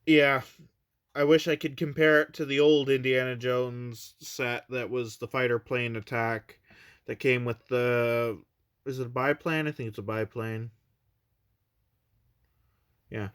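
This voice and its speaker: A man's voice: mid-range voice, fairly even intonation, unhurried, long pauses, a bit bright, clean tone. A man casually reviewing his toy collection at home, rambling and hesitant, with frequent fillers and restarts.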